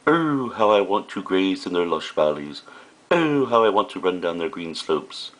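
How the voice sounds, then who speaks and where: A wistful cow pining for green hills far beyond the fence, as a man reads it aloud. The recital is slow and overly poetic. The voice sits deep and low. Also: very animated.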